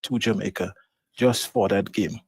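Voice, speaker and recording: A man co-hosting a live talk show, playful and animated as he talks. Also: lowish voice, moderate pace, gravelly, husky, no room sound. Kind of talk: lively live-show banter.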